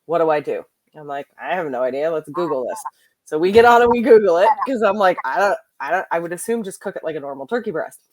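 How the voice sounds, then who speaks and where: A woman from Canada, a guest on a casual chat, telling relaxed stories and laughing at them. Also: low-pitched, fast, dry recording.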